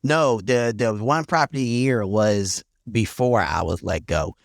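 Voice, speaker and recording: Middle-aged philly dude, relaxed storyteller, swears a bit, laughs a lot, close dry mic. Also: male voice, lowish voice, measured pace, gravelly, no room sound. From North Philadelphia, USA. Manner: laid-back storytelling, laughs often, blunt and profane. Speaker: guest, real estate investor. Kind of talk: casual podcast interview.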